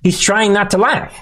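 A man's voice: sits high, pushed and bright. A man hosting a live political commentary show, mocking and combative, often laughing at the clips he plays.

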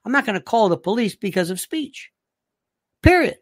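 A woman's voice: a little high, animated, normal speed. A woman hosting a livestream, ranting animatedly and reading viewer comments aloud. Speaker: livestream host. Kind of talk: casual livestream monologue.

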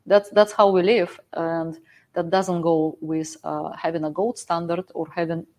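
A woman from Russia with a Russian accent, a guest in a casual chat, speaking hesitantly with fillers and soft laughs. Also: lowish voice, little pitch movement, a little slow.

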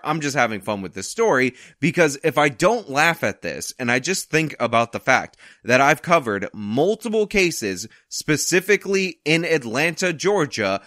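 A man hosting his own channel, commenting on a news story in an exasperated, sarcastic, animated way from his apartment. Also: a little high, no room sound, clean studio sound.

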